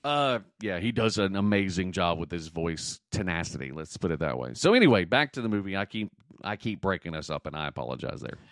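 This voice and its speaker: A man's voice: low voice, brisk, no echo, studio quality. A man co-hosting a podcast in casual chat, going off on tangents and apologizing for it. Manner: tangent-prone, apologetic, animated storyteller. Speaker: podcast co-host.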